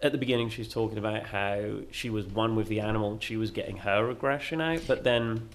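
A man's voice: on the low side, fast talker. A man from England in the audience, answering a question casually with many fillers. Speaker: audience member. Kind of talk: live panel discussion.

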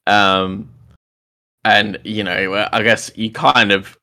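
A man in a casual film review podcast chat. His low voice has a bright, forceful edge, and he talks in a relaxed, hedging way full of fillers. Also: takes it slowly. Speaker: podcast co-host.

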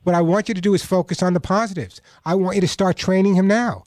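A man hosts a call-in pet advice radio show, coaching callers in an emphatic way and repeating his key points. His voice sits high, and the studio sound is close and dry. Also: fairly even intonation, fast talker, darkish tone, no room sound. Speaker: radio pet show host and dog trainer.

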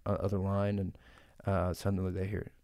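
A man's voice: low voice, monotone, normal speed, dark tone. A man co-hosting a comedy podcast, sassy and teasing as he narrates an improvised silly story. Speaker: podcast co-host.

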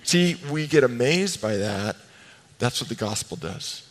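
Male pastor, emphatic animated preaching, mid-pitched voice, reverberant church sanctuary. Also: a little slow. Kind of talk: sermon. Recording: long reverb of a large hall.

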